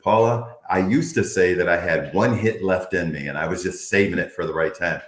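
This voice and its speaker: A man in his fifties, a former football player from the Bay Area, telling animated stories in an interview and acting out quotes. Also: deep voice, brisk, reverberant. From Bay Area, United States. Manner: animated storyteller, acts out quotes, laughs often. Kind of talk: candid interview storytelling.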